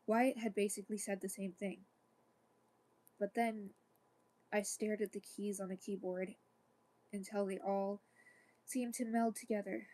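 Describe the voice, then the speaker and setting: A woman's voice: medium pitch, level tone, a little slow, long pauses, warm tone, low-quality recording. A woman storyteller reading a first-person horror story aloud, with casual asides. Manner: reads evenly, breaks off into casual asides.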